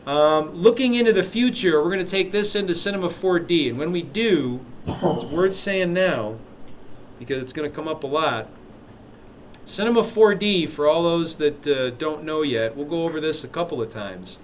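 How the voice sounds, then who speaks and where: A man with a slightly higher voice teaches a software class in a classroom, talking students through each step. He keeps it chatty and throws in joking asides. Faint room noise sits under his voice. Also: animated, moderate pace. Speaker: instructor. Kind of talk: live classroom software demo.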